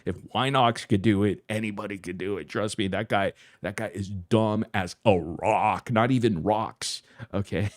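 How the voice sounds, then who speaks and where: A man hosting a commentary channel, ranting in a heated, mocking and profane way, halting with fillers and restarts. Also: on the low side, no echo, studio quality. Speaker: YouTube commentary host.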